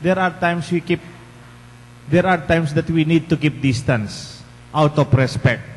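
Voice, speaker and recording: A man's voice: a little high, measured pace. A man with a Filipino accent, a parish priest giving a conversational homily and putting rhetorical questions to the congregation. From Philippines. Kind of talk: bilingual homily. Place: large church. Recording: long church reverb, faint hum.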